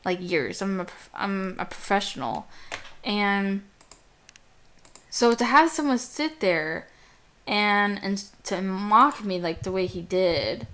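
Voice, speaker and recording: This gameplay commentator is a young woman whose girlish, youthful voice is medium in pitch and fairly bright, with lively intonation. She takes it slowly in a casual, chatty gameplay rant, getting distracted, drifting off mid-thought, and swearing occasionally.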